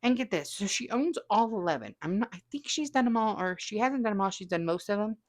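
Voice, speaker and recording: A woman's voice: mid-range voice, expressive, fast talker. A woman hosting a casual stream, chatting and reading viewer comments aloud with frequent laughs. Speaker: host.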